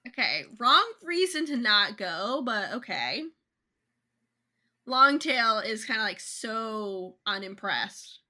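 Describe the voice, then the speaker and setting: A young woman co-hosting a casual book podcast, retelling a story in a chatty way with quick voiced asides. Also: fairly high pitch, very animated, sharp tone. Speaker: podcast co-host.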